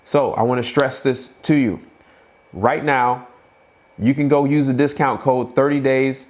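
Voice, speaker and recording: A man with a Boston accent hosting a live Q&A stream, talking up an upcoming event in a hyped, repetitive way with quick restarts. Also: medium pitch, steady tone. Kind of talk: casual live-stream promotion.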